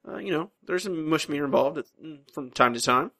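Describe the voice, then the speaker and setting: Bright-voiced man hosting a comics podcast. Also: on the high side, lively intonation, brisk. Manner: chatty, teasing, trails off and restarts. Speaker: podcast host. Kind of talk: casual comics podcast chat.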